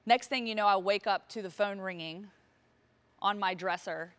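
A woman's voice: mid-range voice, moderate pace, a bit bright. A woman in her thirties, a motivational speaker, telling a personal story on stage with vivid, emotional delivery and acted-out dialogue. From Virginia, US.

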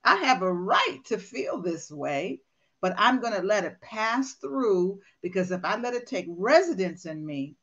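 A woman's voice: medium pitch, animated, unhurried, lo-fi sound. An older woman, a motivational speaker, talking candidly and emphatically, acting out her own inner dialogue. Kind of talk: candid conversational talk.

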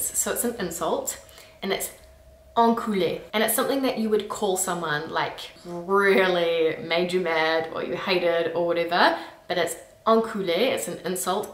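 A woman hosting a casual explainer video, playful and quick to laugh and groan in disgust. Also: lowish voice, far from the mic. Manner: playful, laughs often, groans at gross words. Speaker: language video host. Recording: roomy echo, a little off-mic.

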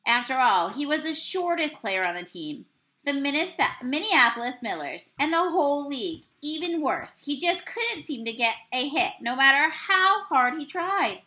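Bright-voiced teacher reading a storybook. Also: female voice, high-pitched, moderate pace, low-quality recording. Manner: expressive, voices the characters. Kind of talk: storybook read-aloud.

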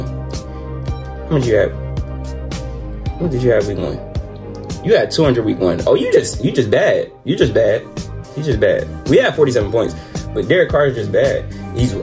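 A young man hosting a football reaction, ranting in casual slang and repeating himself when frustrated. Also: mid-range voice. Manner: exasperated, repetitive, slangy rants. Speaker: sports reaction host. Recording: music playing behind the voice.

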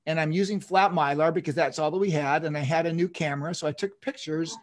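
Man in his 50s, dentist, online lecture, lively storytelling, chuckles often, slightly high voice. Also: fast talker. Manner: enthusiastic, chuckling, with frequent restarts.

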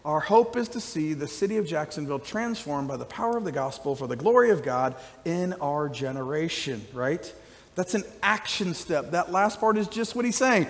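High-voiced pastor preaching in a reverberant hall. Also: male voice, normal speed. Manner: energetic, conversational preaching with call-outs. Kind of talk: sermon. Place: church sanctuary.

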